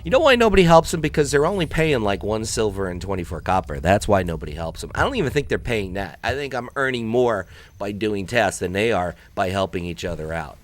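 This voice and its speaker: A man's voice: on the low side, big pitch swings, fairly quick, faint music behind. A man hosting a let's play, rambling between topics, joking and taunting the enemies he fights. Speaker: gaming video host.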